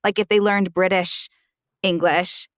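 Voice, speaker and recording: A woman's voice: lowish voice, fairly even intonation, unhurried, no room sound. Dry, close-miked woman hosting a roundtable. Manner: thoughtful, drawing guests out with questions. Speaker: podcast host. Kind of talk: casual roundtable discussion.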